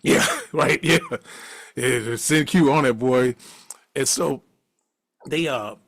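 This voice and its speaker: A middle-aged man telling a story casually, animated, laughing often and swearing freely. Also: mid-range voice, takes it slowly.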